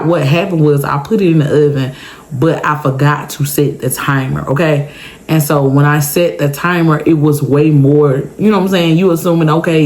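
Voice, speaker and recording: A woman casually telling a personal story to her viewers in a chatty, animated way, often checking in with "okay?". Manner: big pitch jumps for emphasis. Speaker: storytime vlogger.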